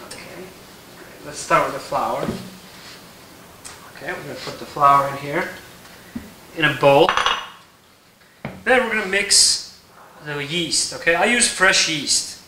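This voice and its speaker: A man teaching a recipe in his kitchen, explaining each step in a relaxed way and checking in with "okay?". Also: on the high side, roomy sound, distant mic, noisy background. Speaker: home baker teaching a recipe. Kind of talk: casual cooking tutorial. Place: home kitchen.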